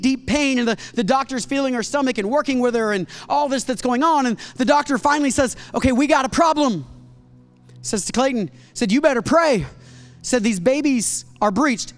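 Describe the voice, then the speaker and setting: Pastor, very high-pitched man, dramatic storytelling sermon. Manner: dramatic storytelling, acts out quoted dialogue, builds to loud climaxes.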